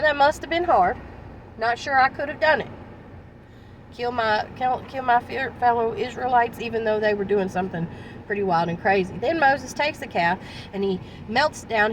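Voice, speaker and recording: A woman's voice: a little high, far from the mic, slight background noise, low-quality recording. A woman evangelist retelling a Bible story in a casual, conversational way, with restarts and asides.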